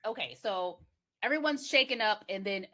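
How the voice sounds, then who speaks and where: A woman's voice: mid-range voice, animated, normal speed, bright, forceful tone. A woman co-hosting a podcast, recapping a movie in casual chat, blunt and joking with emphatic asides. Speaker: podcast co-host.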